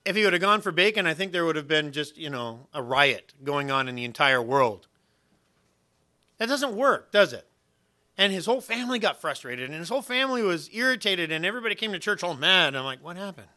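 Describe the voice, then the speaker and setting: A man's voice: a little high, animated, fairly quick, sharp tone. A man preaching a sermon, teaching from scripture with everyday illustrations and acted-out voices. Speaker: pastor.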